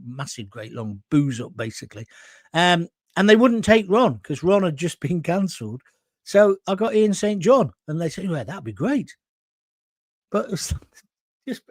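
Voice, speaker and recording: Ranting man, lively high voice. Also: normal speed, no echo, clean studio sound. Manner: ranting, indignant, sarcastic. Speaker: host. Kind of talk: live opinion show reading viewer comments.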